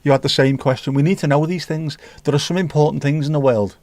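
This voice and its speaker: A man's voice: on the high side, fairly even intonation, quick pace, a little mellow, dry recording. A man hosting a livestream, chatting casually and teasing as he reads out viewer comments with sweary banter. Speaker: livestream host.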